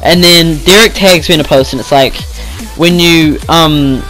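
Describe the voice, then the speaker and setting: Teenage guy ranting about his side of things, lots of "like", bright tone. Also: on the high side, normal speed, faint music behind, poor audio. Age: teens. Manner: rambling, swears freely, lots of "like". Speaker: vlogger. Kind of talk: casual storytime rant.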